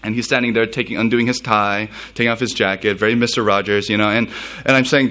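A man's voice: lowish voice, fairly even intonation, fast, bright, forceful tone. Man, pastor, sermon, casual storytelling, lots of fillers. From United States.

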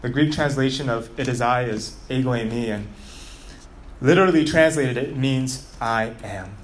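Man preaching with animated storytelling. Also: medium pitch, normal speed. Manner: animated storytelling with rhetorical questions to the audience. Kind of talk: sermon.

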